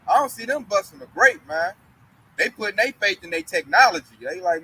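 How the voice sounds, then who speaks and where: A man in a casual religious discussion who tells animated stories in colloquial speech and acts out other people's voices. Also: high voice, fairly quick, slight background noise, rough recording. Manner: colloquial, with frequent fillers.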